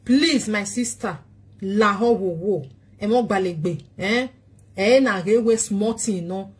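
A woman's voice: medium pitch, measured pace, slightly rough. A woman with a Nigerian accent pleading at length in a casual talk show monologue, repeating short questions.

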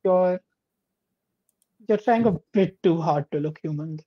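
A woman's voice: lowish voice, unhurried, muffled recording. A woman playing a blunt woman adventurer in a tabletop game, frankly lecturing a monster, a little preachy.

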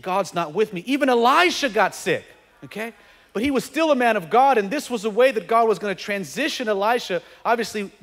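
A man preaching a sermon as pastor, energetic and conversational, with joking asides and frequent checks like "okay?". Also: high voice. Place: church sanctuary. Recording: long hall reverb.

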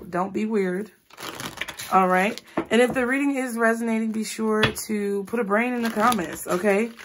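A woman's voice: medium pitch, a little hiss or hum. A woman, giving a casual tarot reading to her viewers. She talks in a chatty, blunt, informal way and keeps checking in with "okay?". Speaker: tarot reader.

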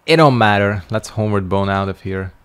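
A man's voice: lowish voice, fairly quick, fairly bright tone, clean tone. A male streamer giving casual gameplay commentary, making wry jokes and yawning as he plays. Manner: wry, joking asides while playing. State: sleepy, yawning.

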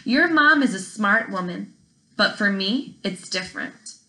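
A wry grandfather who jokes about his own eyes, voiced by a woman reading a novel aloud. Her tone stays bright and clear, close to her everyday voice. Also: mid-range voice, expressive, a little slow, poor audio. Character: grandfather who cannot see.

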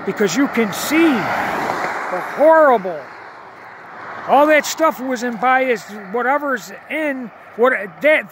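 A man's voice: extremely high pitch, noisy background. A man filming outdoors at night on his phone camera, talking to viewers in an insistent way, repeating himself and stumbling over restarts. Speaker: video blogger. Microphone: phone camera held while filming.

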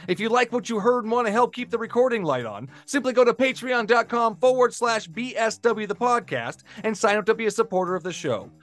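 High-voiced, teasing male podcast host. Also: a bit bright. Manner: playfully skeptical, teasing. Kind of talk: casual podcast chat and outro.

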